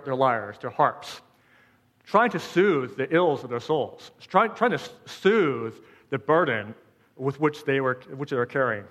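A man's voice: fairly high pitch, a bit bright, in a large hall. A man preaching a sermon as pastor, asking rhetorical questions and repeating phrases for emphasis.

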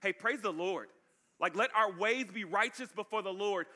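Bright, high-voiced energetic preacher. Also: male voice, normal speed. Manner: energetic, casual, calls out to the congregation. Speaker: pastor. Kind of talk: sermon.

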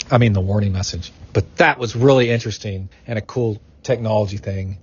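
A man's voice: fairly low pitch, moderate pace, highs cut off, slight background noise. A middle-aged man hosting a podcast in a casual, rambling chat that wanders off on tangents. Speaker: podcast host.

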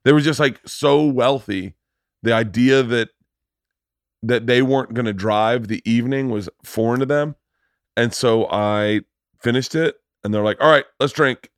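A man's voice: mid-range voice, unhurried, dry recording, clean studio sound. A man hosting a podcast, a comedian telling rowdy, profane anecdotes in casual chat.

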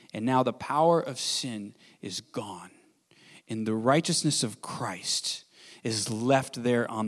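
A man pastor preaching an earnest sermon in a church, swinging between bold declarations and hushed, quiet passages. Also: mid-range voice, lively intonation, slow, long reverb tail. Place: church sanctuary.

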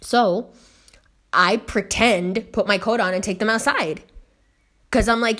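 A woman's voice: on the high side, moderate pace, pauses often, fairly bright tone. A young woman telling a story in a casual, profane, emphatic rant full of slang. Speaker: host.

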